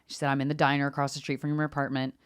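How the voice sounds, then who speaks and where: A woman's voice: extremely low pitch, flat delivery, rapid-fire, clear, resonant tone, dry recording, clean studio sound. A woman guest on a podcast, telling a personal story in a frank, unfiltered way, swearing freely and acting out what people said. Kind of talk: candid conversational storytelling. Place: New York.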